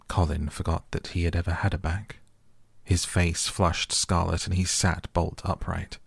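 A man reads a storybook aloud as a calm bedtime audiobook. His voice is very low, gravelly and husky, with an even, flat delivery, recorded close and dry. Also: dry recording. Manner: calm, gentle, measured. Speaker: audiobook narrator. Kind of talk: soft bedtime audiobook reading.

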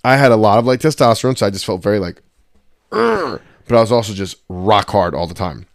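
A tired man co-hosting a late-night podcast, talking in a low voice that stays animated and crude. He laughs a lot and acts out quotes. The sound is dry and close. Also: fast, dry recording. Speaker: podcast co-host. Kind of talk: casual chat.

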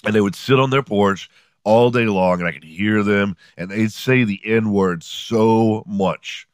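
A man in his forties hosts a podcast with rambling, profane comedic stories and a sardonic edge. His voice sits on the low side. The sound is dry and close. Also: a little slow, no room sound. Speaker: podcast host. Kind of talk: comedic storytelling monologue.

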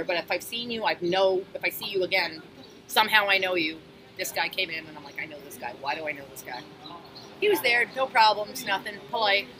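A woman, a bartender and guest telling lively, blunt, profane stories at an outdoor table. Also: medium pitch. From Astoria, Queens, New York. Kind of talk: animated storytelling in casual conversation. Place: outdoors at a street-side table. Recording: street traffic noise outdoors.

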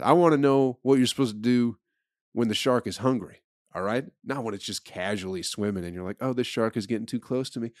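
Man, deep voice, comedy podcast host, profane rambling chat, dry recording. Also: dry recording. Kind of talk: casual comedy podcast monologue.

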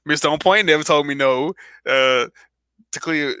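A man hosting a casual podcast, spinning profane, boisterous stories. His voice is intensely bright and a bit high for a man. The recording is dry and close, with no room sound. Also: normal speed, clear, resonant tone, no echo. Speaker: podcast co-host.

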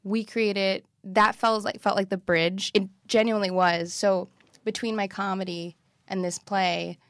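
A woman's voice: mid-range voice, level tone, measured pace, dry recording, clean studio sound. A woman comedian and actress as a podcast guest, chatting animatedly and swearing freely, with many "like" fillers. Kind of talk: casual chat.

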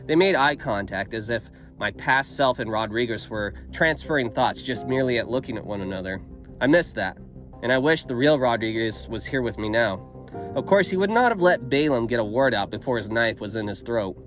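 A man narrating a first-person audio story in a steady, measured reading voice. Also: mid-range voice, faint music behind.

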